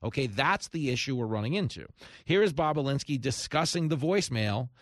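A man's voice: mid-range voice, animated, fairly quick, no echo, clean studio sound. A man hosting a talk radio show, delivering an emphatic, sarcastic monologue.

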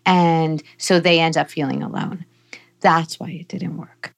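A woman's voice: sits low, measured pace, creaky. A middle-aged woman psychologist, a guest on a podcast, explaining parenting in an earnest, teaching way. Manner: earnest, explanatory, playfully animated in examples.

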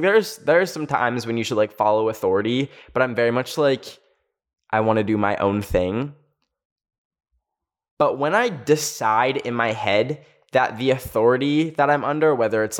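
Young male storyteller, casual and rambly, mid pitch, lots of fillers. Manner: rambling, heavy use of filler "like". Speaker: storytelling video host.

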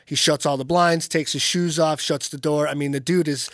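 A man co-hosting a radio show, quick and teasing in casual banter. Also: on the high side, fairly even intonation, fairly bright tone, no echo, studio quality.

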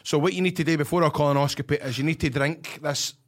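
A Scottish man in his thirties tells a rude tale in broad local slang. He banters and laughs through it in a casual chat, his voice pitched a touch high. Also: steady tone, fast talker. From Scotland. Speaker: podcast co-host, wrestler.

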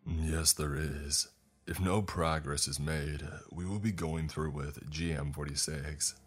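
A man voicing a cold, commanding government agent who gives orders slowly. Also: a bass voice, fairly even intonation, husky, soft background music, exaggerated voice.

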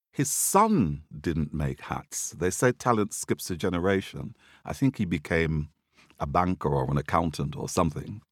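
A man from Antigua, telling a folktale for children in a playful, animated way. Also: fairly low pitch, no echo, studio quality. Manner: animated, playful, acts out the action with his voice. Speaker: storyteller.

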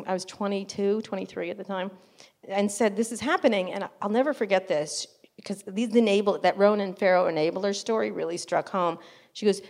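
Animated woman telling stories with laughs. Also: mid-range voice. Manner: animated, laughing asides, acts out quotes. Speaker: interview guest, journalist. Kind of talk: casual storytelling interview.

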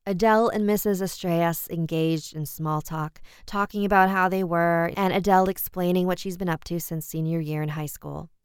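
A woman narrating a horror story in a measured, steady way. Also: fairly low pitch, clear, resonant tone, dry recording, clean studio sound.

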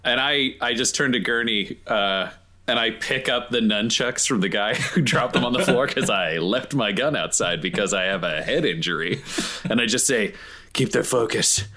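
A man's voice: lowish voice, moderate pace, sharp tone. A man playing a tabletop role-playing game in a playful, joking way. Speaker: player.

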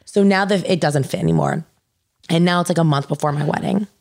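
A woman's voice: low-pitched, very animated, a little fast, a little mellow. A young woman telling a personal story in casual chat, saying "like" constantly and swearing freely.

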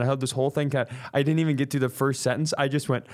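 A man's voice: medium pitch, quick pace. Coughing middle-aged man telling stories. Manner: animated, breaks into laughter, acts out quotes. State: sick with a cough. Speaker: podcast co-host. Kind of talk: casual comedic storytelling.

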